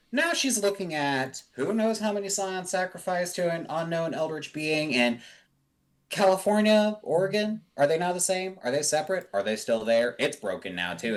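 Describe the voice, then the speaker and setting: A man playing in a tabletop role-playing game, talking bluntly and swearing freely. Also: fairly high pitch. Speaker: player. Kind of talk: casual tabletop play.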